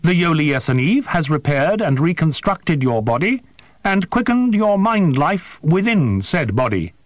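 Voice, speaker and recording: A man voicing a prim winged alien creature, high and formal. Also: big pitch swings, a little slow, no echo. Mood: formal, matter-of-fact. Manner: precise, formal, matter-of-fact. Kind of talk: audiobook character voice.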